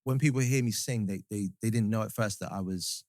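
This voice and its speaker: Fast-talking man with a Southampton accent. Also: on the low side, no echo, studio quality. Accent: Southampton English. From England. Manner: animated storyteller, acts out quotes, repeats words when starting. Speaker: guest singer. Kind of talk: casual podcast chat.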